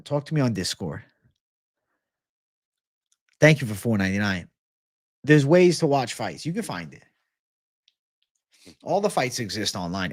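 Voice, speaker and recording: A man's voice: mid-range voice, no room sound, clean studio sound. Profane ranting man hosting a livestream. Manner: profane, ranting, reads viewer comments. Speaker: livestream host. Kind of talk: casual livestream Q&A.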